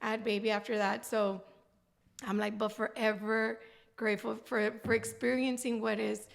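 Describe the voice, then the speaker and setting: A woman's voice: a little high, level tone, normal speed, gravelly. A woman in her thirties, a guest telling her story candidly in a heartfelt, rambling way. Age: 30s. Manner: heartfelt, rambling, with frequent laughs. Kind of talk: candid personal interview talk.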